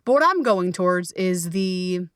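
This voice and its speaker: A woman's voice: lowish voice, lively intonation, measured pace, a bit bright, smooth, no room sound, studio quality, recorded from a distance. A woman hosting a coaching podcast, talking in a candid, casual way with lots of fillers and swearing. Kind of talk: casual reflective coaching talk.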